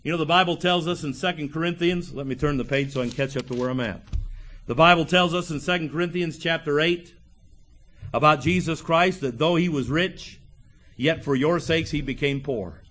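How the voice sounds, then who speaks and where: High voiced guy preaching, earnest, reads old bible wording, acts out the quotes. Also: moderate pace, a bit bright. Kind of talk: sermon.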